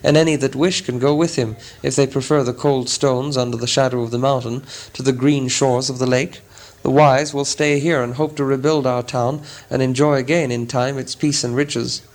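A man's voice: mid-range voice, fairly even intonation, normal speed, close to an everyday voice. A man doing a scheming old town master. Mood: indignant. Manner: loud, rhetorical pleading.

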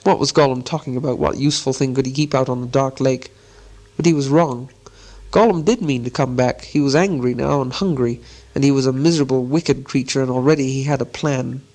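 A man's voice: mid-range voice, low-quality recording. Man narrating a fantasy audiobook. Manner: measured, expressive storytelling.

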